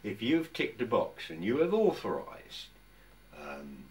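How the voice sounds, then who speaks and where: A man's voice: fairly low pitch, huge pitch swings, a little slow, distant mic. An older English man talking casually to camera in his home workshop, chatty and rambling, often stopping and restarting his sentences. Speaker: vlogger.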